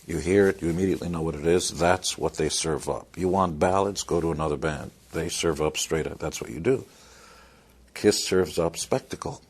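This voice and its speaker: Deep husky man giving blunt advice. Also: normal speed. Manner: blunt, wry, with dry humor. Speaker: interviewee. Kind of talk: motivational interview talk.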